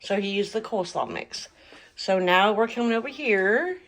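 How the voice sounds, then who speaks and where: A woman's voice: medium pitch, expressive, moderate pace. Middle-aged woman, home cooking vlog host, enthusiastic casual chatter. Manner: chatty, enthusiastic, talks with mouth full. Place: home kitchen.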